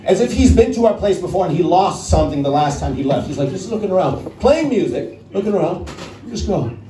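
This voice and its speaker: A man's voice: sits high, lively intonation, fairly quick, far from the mic, noisy background. A male stand-up comedian from the Netherlands, telling a chatty story on stage and talking with the crowd. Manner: chatty, acts out voices, talks to the crowd. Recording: roomy club sound with crowd. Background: audience laughing.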